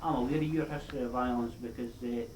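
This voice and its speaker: A man's voice: medium pitch, fairly even intonation, fast, a little mellow. Hesitant man asking from the echoey hall. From Scotland. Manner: hesitant, stumbling over words. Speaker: audience member asking a question. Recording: distant, echoey hall with noise.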